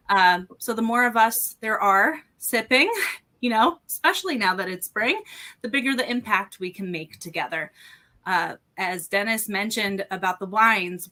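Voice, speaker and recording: Her voice is mid-range with a sharp edge as she chats through a casual live podcast on a video call. A wine seller who co-hosts fundraisers, she sounds cheerful and a little breathless, leaning heavily on ums and you-knows.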